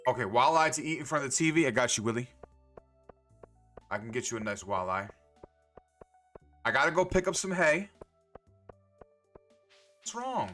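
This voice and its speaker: Bright-voiced guy rambling and cussing while he plays a game, quiet music behind. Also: medium pitch, sing-song, normal speed, pauses often. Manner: rambling, swears a lot, talks to himself. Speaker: livestreamer. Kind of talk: casual gameplay commentary.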